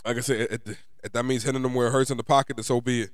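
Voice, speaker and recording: A young man from New York, his New York accent coming through as he rants. He talks in an emphatic, profane, fed-up way, like a fan vlogger venting. His voice is smooth and resonant, recorded dry and close. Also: medium pitch, steady tone, racing, no room sound. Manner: frustrated, profane, emphatic ranting. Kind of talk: ranting fan commentary.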